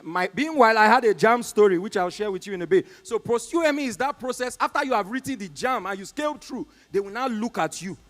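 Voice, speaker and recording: A Nigerian man with a Nigerian accent doing live stand-up comedy on stage. He tells his stories in an animated way and keeps talking directly to the crowd. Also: high-pitched, quick pace, few pauses, big-room sound.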